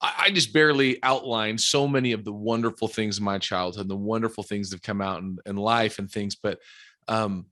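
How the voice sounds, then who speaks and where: A man's voice: lowish voice, steady tone, a little fast, sharp tone. A man speaking as a podcast guest, earnest and encouraging in casual conversation.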